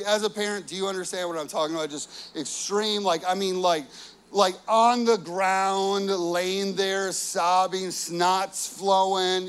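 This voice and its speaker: A man's voice: sits high, a bit bright, smooth. A man in his thirties, a pastor telling a family story in his sermon, chatty and full of filler words. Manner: chatty, full of "like" and "you know".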